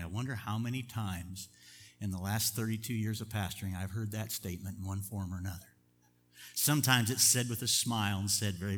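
An older man preaching a sermon as pastor, chatty and chuckling, moving between loud emphatic bursts and quiet asides. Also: lowish voice, big-room sound.

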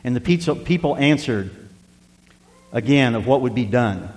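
A man's voice: medium pitch, animated, moderate pace, a little mellow, in a large hall. A middle-aged male pastor preaching a sermon, emphatic and repetitive, reading scripture aloud.

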